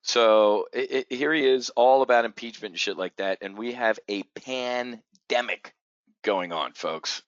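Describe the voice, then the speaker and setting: A man's voice: medium pitch, unhurried, no echo. A man hosting an options trading show, giving an unscripted, blunt and profane market rant full of stammered restarts. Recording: dull, dry lo-fi audio.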